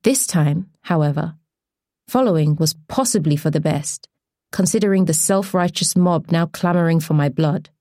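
A woman reading an audiobook in measured, deliberate scripted narration. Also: low voice, a little mellow, no echo, clean studio sound.

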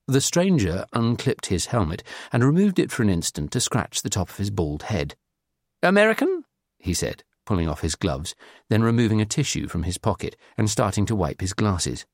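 Audiobook casting: a low male narrator, lively and varied in pitch, measured storytelling in dry close sound. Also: creaky, no room sound.

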